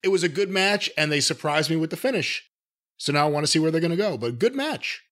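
A man's voice: a little high, animated, fast talker, a bit bright. A man co-hosting a podcast, chatting frankly and enthusiastically and swearing casually. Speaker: podcast co-host.

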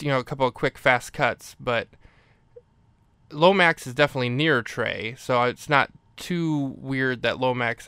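A man's voice: mid-range voice, sharp tone, clear, resonant tone, no room sound. A man hosting a podcast, recapping a movie in a casual, rambling way, often correcting himself. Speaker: podcast host.

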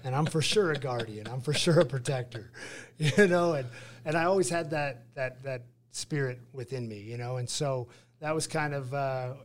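A man's voice: mid-range voice, moderate pace. A man in his forties from Utah, a retired fighter telling his story as a guest in a casual interview, acting out the dialogue. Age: 40s. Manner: lively storyteller who acts out dialogue.

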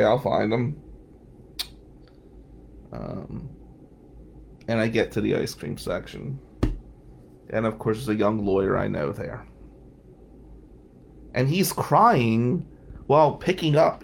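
A man's voice: mid-range voice, vocal fry. A man from New Jersey, a defense lawyer, telling a wry, self-mocking story in a casual podcast chat.

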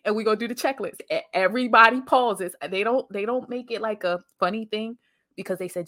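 An animated woman hosts a podcast. Her voice sits at a middle pitch. She talks in a casual, motivational way and acts out quoted voices in her stories. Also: a little fast, no room sound, studio quality. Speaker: podcast host.

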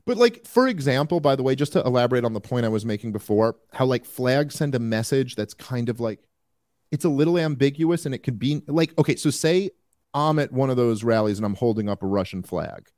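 A man hosting a podcast, talking through political commentary in a rambling, animated way with many fillers. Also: mid-range voice, a little fast, no room sound, studio quality. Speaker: podcast host.

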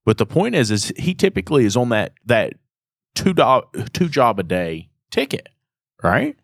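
A man's voice: medium pitch, huge pitch swings, moderate pace, gravelly, no room sound, studio quality. A man talking through repair shop pricing and scheduling, checking in with "right?" after each point. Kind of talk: casual business chat.

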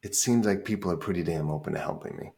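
A man's voice: sits low, fast talker, gravelly. A man in his forties, a music therapist, telling stories animatedly in a casual interview and swearing freely. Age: 40s. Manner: animated, swears freely, acts out his own past thoughts. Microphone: podcast call.

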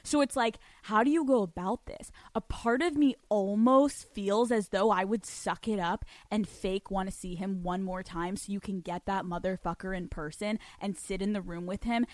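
A woman's voice: medium pitch, moderate pace, few pauses, no echo. Blunt, profane young woman podcast host. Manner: blunt, profane, animated storytelling. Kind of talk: casual advice chat, reading listener letters.

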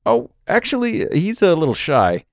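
A man's voice: on the high side, wildly swooping pitch, normal speed, no room sound, studio quality, pitched above the performer's own voice. A man voicing a cheerful, easygoing male neighbor who loves to bake, chatty and a little evasive. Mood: friendly. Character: friendly adult male neighbor, cheerful baker.

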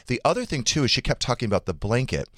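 A man's voice: mid-range voice, quick pace, no echo, studio quality. A man co-hosting a casual call-in talk show, candid and joking as he tells stories. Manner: candid, joking, animated storytelling. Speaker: podcast co-host. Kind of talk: casual chat taking calls.

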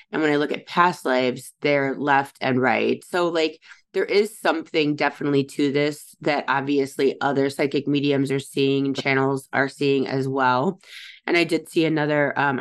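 Woman, middle-aged, low-pitched, slightly hoarse, rambling casual podcast talk. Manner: rambling, many fillers and restarts. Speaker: podcast host and psychic medium.

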